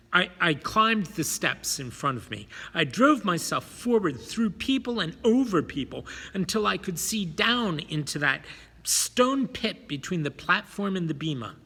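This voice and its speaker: Slow, husky male audiobook narrator. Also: high voice, sharp tone. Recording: long hall reverb.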